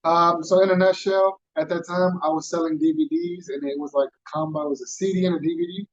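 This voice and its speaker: A man's voice: on the high side, brisk, muffled recording. Man telling a story on a podcast. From Houston, Texas. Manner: animated storyteller, acts out quoted voices, street slang. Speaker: podcast guest. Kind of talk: casual storytelling.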